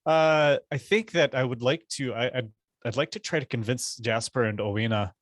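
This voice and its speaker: A man playing a tabletop game over a video call, narrating his character in a halting way. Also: medium pitch, no room sound, clean studio sound. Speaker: player.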